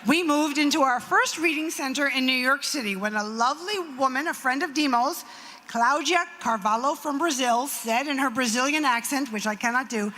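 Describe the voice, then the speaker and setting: Speaking at normal speed, this middle-aged woman has a high, pushed, bright voice as she delivers a speech at an event. She founded a nonprofit and tells a story full of acted quotes and asides, recorded in a reverberant event hall with faint noise.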